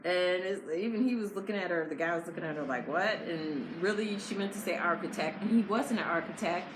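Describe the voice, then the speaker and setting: Blunt low-voiced woman recapping a show. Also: a little fast. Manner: blunt, opinionated and critical. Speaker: reality show recap host. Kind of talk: casual episode recap commentary. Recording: echoey room with faint noise.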